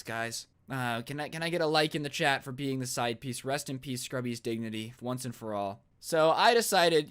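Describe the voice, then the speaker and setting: A young man with a fairly high voice, telling a story to his viewers in a storytime vlog. He is sarcastic and jokey throughout. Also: fairly bright tone. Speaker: storytime YouTuber.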